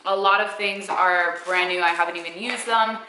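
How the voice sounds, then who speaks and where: Chatty bright-voiced young woman vlogger. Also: lowish voice, steady tone, normal speed, reverberant, poor audio. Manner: chatty, filler-heavy, upbeat. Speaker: fashion vlogger. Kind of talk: casual try-on haul talk. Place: room at home. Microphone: camera mic.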